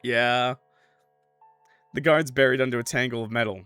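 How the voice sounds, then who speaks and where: A man's voice: mid-range voice, normal speed, pushed and bright, smooth, faint music behind. A man playing a horror game, reading its text aloud and chatting casually between passages. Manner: casual, laid-back, lots of "like" and "bro". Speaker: streamer. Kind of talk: let's play, reading game text with commentary.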